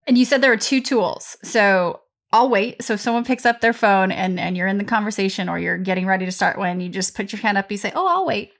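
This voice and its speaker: A woman hosts an interview over a call, asking questions in an encouraging way. Her voice sits at a typical pitch for a woman. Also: steady tone, fast talker, few pauses. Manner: encouraging, laughs along. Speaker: podcast host. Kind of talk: conversational interview.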